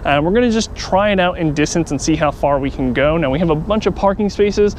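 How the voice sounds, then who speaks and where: A man's voice: on the high side, fairly quick. A man casually explaining a gear test step by step while outdoors on a clip-on wireless mic, with wind and helicopters around. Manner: chatty, narrates each step as he goes. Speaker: gear reviewer. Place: outdoors, parking garage roof and hill trail. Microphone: clip-on wireless mic near mouth.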